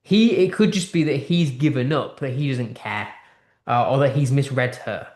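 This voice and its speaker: Speaking at normal speed with a medium pitch and a darkish tone, a British-accented English literature tutor works through a text in a lesson. She or he poses chains of rhetorical questions and restarts while thinking aloud, all in a room with noticeable echo.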